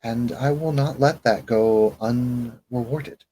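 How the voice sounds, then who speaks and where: A man voicing a suave, formal male vampire fixer in a tabletop role-play, speaking in a courtly, measured way. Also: mid-range voice, warm tone, slight background noise, pitched above the performer's own voice, close to an everyday voice, rough recording.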